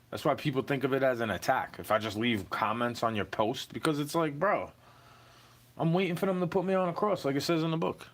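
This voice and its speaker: A young man with a mid-range, slightly bright voice rants at the camera, addressing someone who wronged him directly. He sounds aggrieved and profane, saying "bro" again and again.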